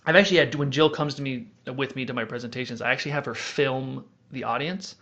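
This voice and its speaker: A man's voice: medium pitch, quick pace, dull audio. A man hosting a casual podcast chat, telling stories animatedly and breaking into character voices. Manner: animated storytelling, demonstrating voices. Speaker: podcast host and audiobook author.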